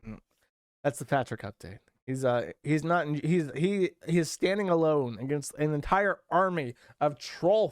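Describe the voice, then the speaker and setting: A man hosting commentary with a slightly high voice, mocking and sarcastic as he rambles. His delivery stumbles through fillers and self-corrections. The sound is dry and close, with no room echo. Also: lively intonation, unhurried. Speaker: host.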